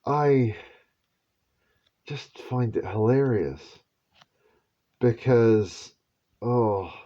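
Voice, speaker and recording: A man's voice: mid-range voice, animated, very slow, warm tone, highs cut off. A man giving a rambling prophetic monologue as an online preacher, repeating himself and chuckling with half-sarcastic asides.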